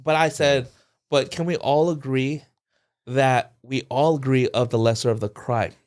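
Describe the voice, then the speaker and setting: A man's voice: medium pitch, moderate pace. A man co-hosting a podcast, casually retelling a story with lots of "like" and acted-out quotes. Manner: animated retelling, acts out quoted voices, fillers like "like". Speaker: podcast co-host.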